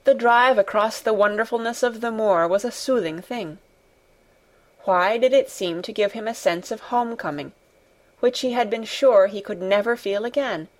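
A woman narrating a classic novel as an audiobook, calm and measured. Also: on the high side.

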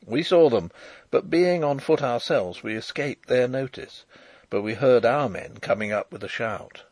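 A man's voice: medium pitch, lively intonation, a little slow, darkish tone, no room sound. Man narrating a novel aloud, dry sound. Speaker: audiobook narrator.

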